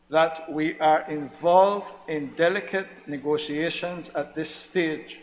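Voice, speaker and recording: A man with a Belizean accent giving a formal, measured speech in a senate chamber, stressing each point. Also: a little high. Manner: measured, emphatic, repeats formal address. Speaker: senator presenting a resolution. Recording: lo-fi recording with long hall reverb and faint noise.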